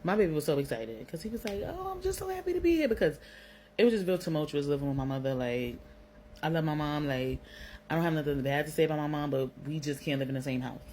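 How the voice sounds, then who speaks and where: A deep, darkish female voice talks fast over poor audio with a little hiss or hum. The speaker is a young Brooklynite with a New York accent, telling a personal story in a blunt, slangy manner, with plenty of swearing and "like."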